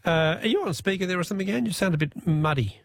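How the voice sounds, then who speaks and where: A man's voice: high-pitched, quick pace, creaky, no room sound. An Australian man hosting a late-night talk radio show in a studio, chatting casually and often correcting himself. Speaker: radio host.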